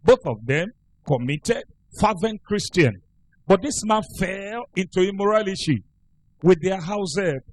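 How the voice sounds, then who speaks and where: Male pastor, sermon, emphatic storytelling, high voice. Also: expressive, a little slow, poor audio.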